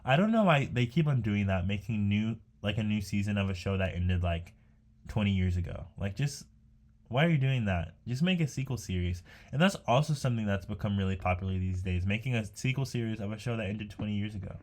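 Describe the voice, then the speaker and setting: A man's voice: fairly low pitch, animated, fairly quick, a little mellow. A young man rambling casually to himself while painting, chatty and meandering with many fillers and restarts. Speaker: art vlogger.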